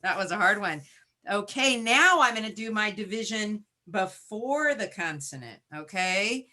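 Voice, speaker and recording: A woman teacher presenting a webinar, modeling a phonics lesson as she sounds out syllables slowly and makes chatty asides and self-corrections. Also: mid-range voice, animated, bright, forceful tone. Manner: slow, deliberate sounding-out of syllables.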